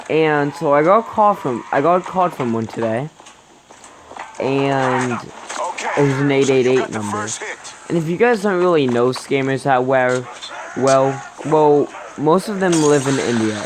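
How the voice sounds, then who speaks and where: Young male vlogger, chatty and rambling, mid pitch, clear background noise in the recording. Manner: rambling, self-correcting, chatty. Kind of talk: casual storytelling to camera.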